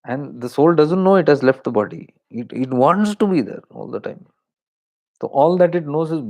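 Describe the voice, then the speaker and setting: A man with an Indian accent giving a spiritual talk, unhurried and reflective, drawing out words for emphasis and slipping into Hindi phrases. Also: a little high, lively intonation, creaky, dark tone. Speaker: spiritual teacher.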